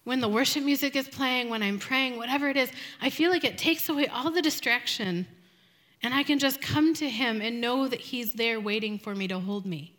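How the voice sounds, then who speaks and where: A young woman giving a devotional talk to a group, speaking slowly and earnestly with reflective pauses. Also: on the high side, fairly bright tone.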